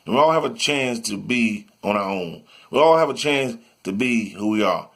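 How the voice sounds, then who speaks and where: A man's voice: medium pitch, expressive, normal speed, vocal fry, a bit bright. A man giving a rambling motivational monologue, repeating himself and sometimes breaking into sing-song chanting.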